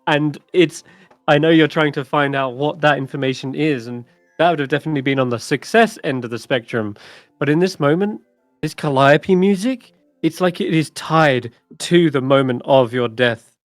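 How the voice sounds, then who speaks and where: Dungeon master, man, lively storyteller, slightly high voice, dry close mic. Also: normal speed, dry recording, soft background music. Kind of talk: narrating a tabletop game.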